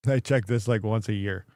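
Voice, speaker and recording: A man's voice: on the low side, darkish tone, no room sound, clean studio sound. A man hosting a casual livestream, rambling, thinking aloud and laughing often. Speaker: crypto mining livestream host.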